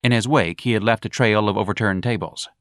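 A man's voice: lowish voice, a little fast, a bit bright, no room sound, studio quality. A man reading a novel aloud as an audiobook narrator, telling the story expressively. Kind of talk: scripted narration.

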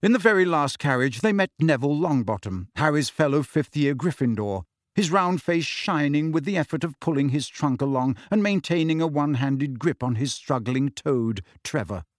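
An audiobook narrator, a man with a fairly high voice, reads a scripted fantasy novel at normal speed. His storytelling is steady and expressive, captured as clean studio sound with no room echo.

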